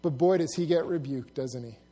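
A man's voice: fairly high pitch, a little fast, dark tone, husky. A man giving a casual Bible teaching, musing aloud with asides and acted-out quotes.

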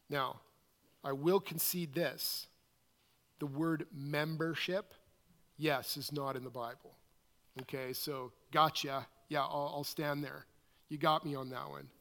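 High-voiced pastor preaching in a reverberant hall. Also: male voice, fairly bright tone. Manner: conversational, self-questioning preaching with quoted asides. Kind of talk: sermon. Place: church sanctuary.

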